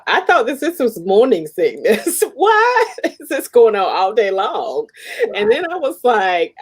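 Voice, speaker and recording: Woman, podcast host, casual interview, lively pitch, animated, laughs often. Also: normal speed.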